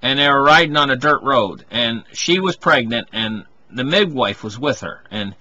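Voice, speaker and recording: Bright-voiced rambling man. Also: medium pitch, expressive, normal speed, highs cut off. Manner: rambling, full of restarts and "you know". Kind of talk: rambling monologue.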